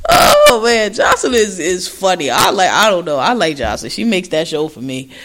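A woman co-hosting a podcast, recapping a show in loud, laughing, profane gossip. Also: fairly low pitch, wildly swooping pitch, moderate pace. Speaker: podcast co-host. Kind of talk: casual recap chat.

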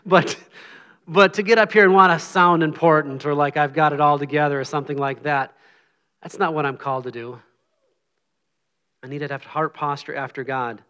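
Lay preacher, middle-aged man, slightly high voice, earnest and humble, conversational sermon delivery. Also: steady tone, moderate pace, pauses often, bright, forceful tone, clean tone. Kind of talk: informal sermon with prayer.

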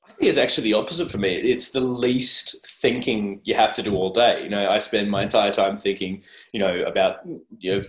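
Man, Australian accent, lowish voice, joking, self-deprecating, roomy echo. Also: a little fast. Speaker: guest, journalist. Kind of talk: casual interview chat.

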